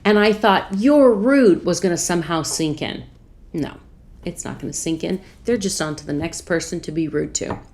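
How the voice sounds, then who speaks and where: A woman podcast host earnestly retelling a personal story, acting out both sides of a conversation. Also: sits low. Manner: earnest, calm, measured.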